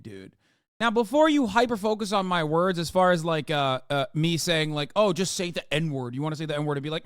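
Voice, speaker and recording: A man in his thirties streaming live, reacting to posts with profane, mocking commentary that swings from loud outrage to mumbled asides. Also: a little high, a little fast, clear, resonant tone, no room sound, studio quality.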